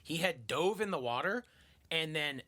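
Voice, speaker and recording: A man with a very bright, ringing voice spins a wild tale in casual podcast chat. He swings his pitch all over the place and drops into gruff or squeaky put-on voices when he quotes people. He swears freely and keeps laughing through the story. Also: lively intonation, moderate pace. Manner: acts out quotes in shifting voices. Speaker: podcast host.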